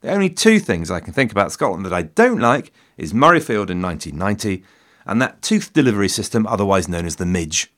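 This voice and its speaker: A man's voice: lowish voice, sing-song, fast talker, a bit bright. An English man in his fifties hosting a solo history podcast, wry and self-mocking, with theatrical asides. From England. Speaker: podcast host. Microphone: studio mic in a shed.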